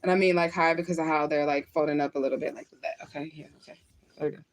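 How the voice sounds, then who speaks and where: A woman's voice: low voice, fairly even intonation, racing, slight background noise. A woman, a spiritual medium, chatting casually on a livestream, reading viewer comments and talking bluntly with lots of swearing and laughter. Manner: blunt, profane, laughs often.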